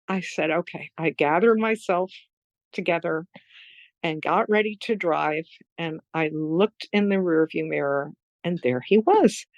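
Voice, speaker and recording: A woman's voice: lowish voice, no room sound, highs cut off. Earnest woman telling a story. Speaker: podcast guest. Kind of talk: storytelling in a conversation.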